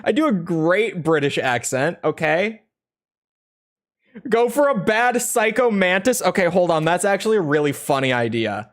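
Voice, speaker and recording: A man's voice: high-pitched, big pitch swings, normal speed. A man with a strained throat, rambling and joking about himself while streaming a game. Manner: rambling, self-mocking, laughs often. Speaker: gaming streamer. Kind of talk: casual commentary while playing.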